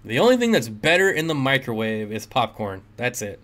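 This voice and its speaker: A man's voice: medium pitch, big pitch swings, fairly quick, fairly bright tone. Laid-back man chatting on a livestream. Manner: joking, laughs often, answers chat aloud. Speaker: livestream host reading chat. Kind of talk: casual livestream chat. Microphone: desk mic.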